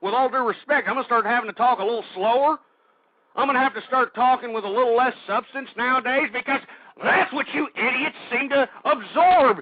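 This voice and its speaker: A man's voice: extremely high pitch, dry recording. A male radio host ranting angrily at his listeners, insulting them and calling them folks. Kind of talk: talk radio rant. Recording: dry, muffled internet radio stream.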